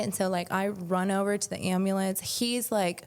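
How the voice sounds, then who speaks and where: A woman's voice: mid-range voice, steady tone, a little fast, few pauses, a little mellow. A young woman on a podcast, casually telling a personal story, peppered with "like" and swearing. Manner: chatty, frequent "like", swearing. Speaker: podcast guest.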